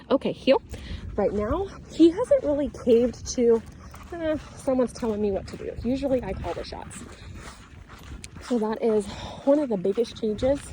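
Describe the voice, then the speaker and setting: A woman dog trainer talking outdoors in a calm, steady, instructive way while working a dog, hot and sweating. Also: on the high side, slight background noise, poor audio. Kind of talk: training vlog narration.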